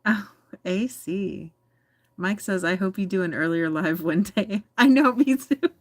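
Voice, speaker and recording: A woman's voice: medium pitch, unhurried, no room sound. An American woman hosting a casual livestream, reading chat messages aloud with teasing, giggly chatter. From United States. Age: adult.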